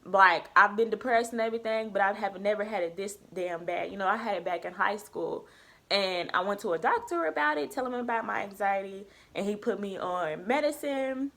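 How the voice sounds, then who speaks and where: Woman, casual storytelling chat, lively quoted dialogue, middle pitch. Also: brisk, gravelly. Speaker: vlogger.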